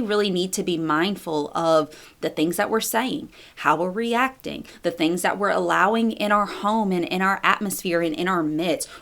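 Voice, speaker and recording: A woman's voice: mid-range voice, fairly bright tone. A young adult woman giving a personal testimony and encouragement in an earnest, conversational way, with fillers and repeated phrases. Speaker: speaker in a women's ministry video.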